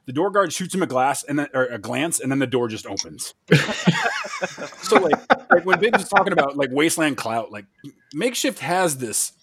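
A man in casual podcast chat, telling a story with excitement and frequent restarts. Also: a little high, normal speed. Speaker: podcast host or guest.

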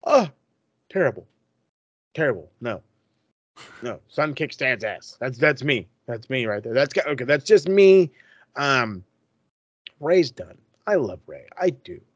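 A man's voice: mid-range voice, sing-song, unhurried, long pauses, husky, no echo, dull audio. A man co-hosting a casual wrestling chat, talking in an emphatic, profane way. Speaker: podcast co-host.

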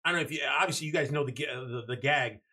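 A man's voice: medium pitch, rapid-fire. A man telling a story in casual group chat, swearing and acting out what people said. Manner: animated, profane, acts out quotes.

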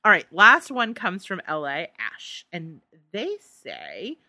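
A woman's voice: fairly low pitch, wildly swooping pitch, slow pace, sharp tone, no echo. A woman co-hosting a podcast in casual chat, reading listener answers aloud and laughing often. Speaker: podcast co-host.

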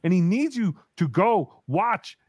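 Brief: male livestream host, high and very animated voice, dry close sound. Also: a little slow, no echo. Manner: animated, exclamatory, joking. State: tired. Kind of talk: casual livestream chat.

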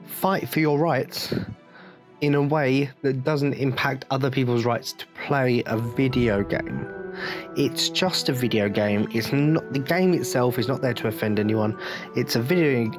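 A man with an English accent, hosting a podcast in a blunt, jokey rant with free swearing. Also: medium pitch. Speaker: podcast host. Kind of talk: casual rant.

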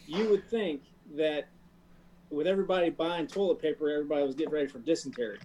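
A man's voice: on the high side, quick pace, dark tone, slight background noise, poor audio. Teasing, chuckling man. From Canada. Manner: teasing, laughing. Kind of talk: casual chat.

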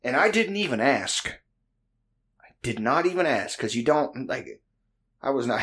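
A man with a mid-range voice telling an animated, profane story in casual chat. He laughs often and talks loosely. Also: medium pitch, a little slow, long pauses, slightly rough.

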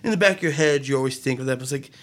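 A man co-hosts a show from a radio studio, talking in a casual, enthusiastic way. He rambles and often restarts his sentences, and his voice sits at an ordinary middle pitch. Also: racing. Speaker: co-host, wrestling fan. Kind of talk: casual chat.

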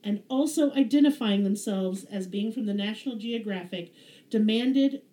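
Woman, southern twang, sarcastic storyteller, swears a lot, mellow tone, roomy echo. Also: medium pitch, normal speed. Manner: sarcastic, profane, animated storyteller. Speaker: podcast host. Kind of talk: casual storytelling chat.

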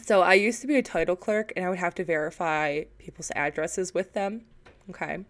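A young woman from Illinois co-hosting a casual podcast, telling animated stories with swearing and laughter into a podcast mic. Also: fairly low pitch, a little fast. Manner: animated storytelling with profanity and laughter. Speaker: podcast co-host. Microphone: podcast microphone.

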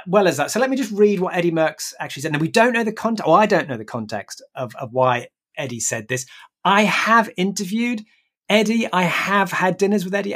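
A man's voice: high voice, fairly bright tone. A man hosting a podcast in casual panel chat, chatty and steering his guests with questions. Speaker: podcast host.

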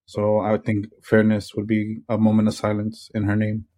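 A man co-hosting a podcast, speaking in a measured, plain way. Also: lowish voice, monotone, dark tone. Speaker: podcast co-host. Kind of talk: casual podcast talk.

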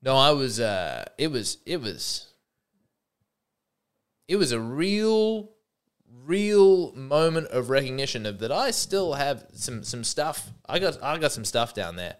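A man's voice: medium pitch, sing-song, slow pace, clear, resonant tone. A man hosting a comedy podcast, speaking in a mock-earnest, rambling way with frequent restarts. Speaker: podcast host.

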